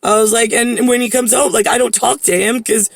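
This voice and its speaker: Gravelly-voiced woman rambling through a story. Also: fairly high pitch, fairly even intonation, fairly quick, dry recording. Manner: rambling, many "like" fillers, blunt swearing. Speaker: vlogger.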